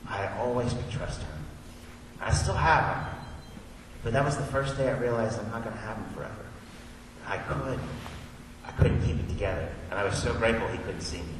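A man in his thirties preaching a sermon as pastor, conversational, moving between soft, slow confiding and loud, urgent emphasis. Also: fairly low pitch. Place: church sanctuary. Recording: echoey hall, distant mic, audible room noise.

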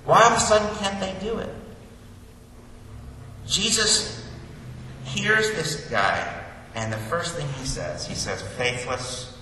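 A man preaching a sermon, telling the story in a lively, animated way and slipping into comic voices. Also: high voice, slow pace, pauses often, slight background noise. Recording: echoey hall, distant mic, faint ambience.

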